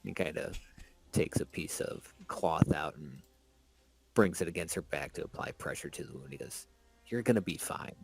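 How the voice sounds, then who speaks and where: A man's voice: rumbling low, normal speed, creaky, husky, dry recording. A man narrating his character in a tabletop game, casually with fillers. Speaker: player. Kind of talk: tabletop role-play narration.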